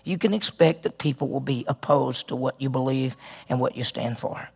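A man's voice: medium pitch, moderate pace, gravelly, husky. A man preaching a sermon as pastor, earnest and emphatic, often repeating and correcting himself mid-sentence.

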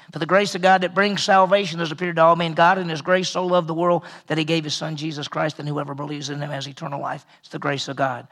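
Man, pastor, conversational sermon, gravelly voice, earnest, repeats himself, drops quiet for emphasis. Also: a little high. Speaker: pastor teaching a Bible study.

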